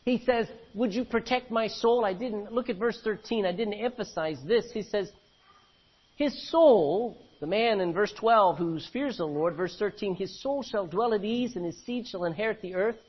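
Man, pastor, sermon, husky voice, muffled lo-fi recording. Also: sits high, normal speed. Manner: reads scripture verse by verse, then explains with questions to the congregation. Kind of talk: expository sermon reading scripture.

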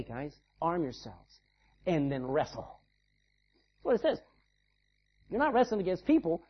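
Man preaching a sermon, swings up and down a lot, kinda husky, dull lo-fi sound. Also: high-pitched. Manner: animated preaching with acted-out asides. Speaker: pastor.

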